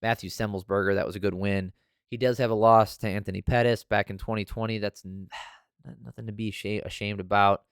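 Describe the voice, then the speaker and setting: A man's voice: on the low side, steady tone, brisk, clean tone, dry recording, studio quality. Profane ranting man breaking down fights. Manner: profane, flares up into loud rants. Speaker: MMA podcast host.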